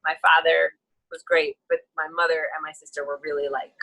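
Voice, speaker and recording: A woman tells a personal story in an open, emotional way, with a bright, ringing tone. She rambles a bit with fillers and slips into different voices when quoting others. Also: deep voice, a little fast, creaky, breathy edge, low-quality recording. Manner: animated, acts out quoted people in shifting voices. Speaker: guest.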